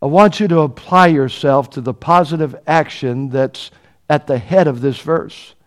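Earnest preacher with a higher man's voice. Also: moderate pace. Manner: earnest, preaching with rhetorical questions and builds to loud emphatic peaks. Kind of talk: sermon.

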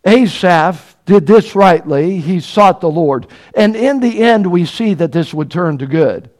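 Earnest preacher with a higher man's voice. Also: animated, a little slow. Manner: earnest, preaching with rhetorical questions and builds to loud emphatic peaks. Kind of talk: sermon.

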